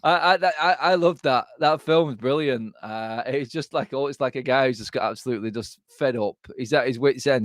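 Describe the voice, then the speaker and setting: A man's voice: mid-range voice, brisk, few pauses, no room sound, studio quality. A young English man co-hosting a casual football watchalong, blunt and sweary, laughing often. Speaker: co-host, rival fan.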